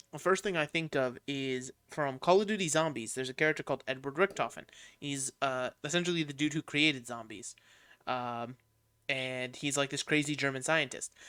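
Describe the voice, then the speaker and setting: A woman's voice: low voice, fairly bright tone, no room sound, clean studio sound. A woman streaming a game and chatting casually, candid and swearing now and then. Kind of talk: casual gameplay commentary.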